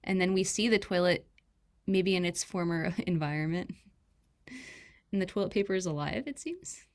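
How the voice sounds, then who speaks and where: A woman's voice: on the low side, moderate pace, darkish tone. A woman hosting an online art workshop over a video call, laughing often and encouraging people as they share their work. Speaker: workshop host. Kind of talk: casual online workshop chat.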